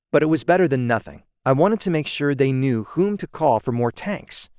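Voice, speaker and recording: A man reads his own first-person audiobook in a steady storytelling manner. His pitch is an everyday middle range for a man. The sound is dry and close, with no room around it. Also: dry recording. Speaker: audiobook narrator.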